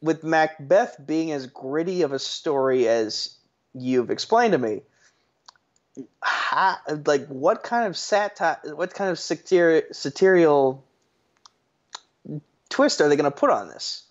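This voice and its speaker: A man co-hosting a casual podcast chat, airing strong opinions in an animated way and tripping over restarts. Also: on the high side, a little slow, highs cut off. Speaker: podcast co-host.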